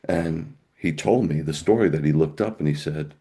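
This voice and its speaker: A middle-aged man with a low, gravelly and husky voice, telling his own story in an interview. He is a rabbi who talks in a plain conversational way, with touches of wry humor. His tone is dark and mellow. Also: normal speed. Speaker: guest. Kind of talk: emotional personal testimony.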